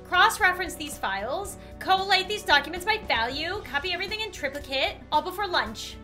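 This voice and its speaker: A meek, eager young office worker who pleads and stammers, as a woman puts her on. The voice sits high and bright, with faint music behind it. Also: lively intonation, a little fast, full character voice. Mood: pleading. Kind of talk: game dialogue read aloud.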